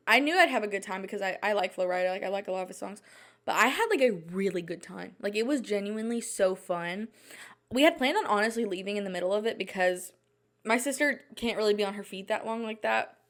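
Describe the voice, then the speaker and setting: A woman's voice: medium pitch, fairly bright tone. Flustered young woman rambling anxiously. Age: young adult. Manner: rambling, flustered, many "like" fillers and restarts. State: anxious and shaken. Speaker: podcast host. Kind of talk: casual solo chat. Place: at home at night.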